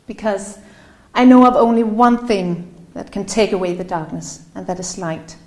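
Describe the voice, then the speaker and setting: A woman giving an earnest, halting opening speech to a live audience, her voice catching with emotion at times. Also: mid-range voice, darkish tone. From Denmark. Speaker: event host. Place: room in front of a live audience. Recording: roomy echo.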